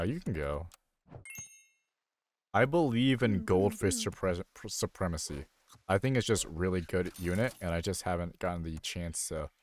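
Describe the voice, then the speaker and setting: A young man casually commenting on his own video game stream, rambling and poking fun at himself as he thinks aloud into a desk microphone. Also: deep voice. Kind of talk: casual live gameplay commentary.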